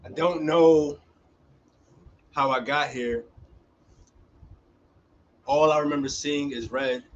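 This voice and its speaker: A man's voice: a little high, takes it slowly, lo-fi sound, slight background noise. A young man performing a dramatic spoken word poem that builds in intensity, then chatting casually about his work. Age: young adult. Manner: relaxed casual chat after the poem.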